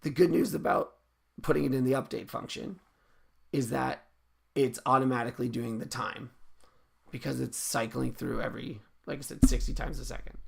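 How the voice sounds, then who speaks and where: A man's voice: medium pitch, vocal fry, slightly rough. A man casually coding on a live stream, thinking aloud and often correcting himself mid-sentence as he chats with viewers. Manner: relaxed and chatty with viewers. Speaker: streamer teaching game coding. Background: keyboard typing and clicks.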